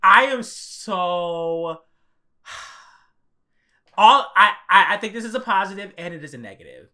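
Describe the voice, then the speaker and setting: A young man co-hosting an anime podcast, telling a story in an animated, profane way and acting out his own reactions. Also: high voice, unhurried. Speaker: podcast co-host. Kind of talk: casual podcast chat.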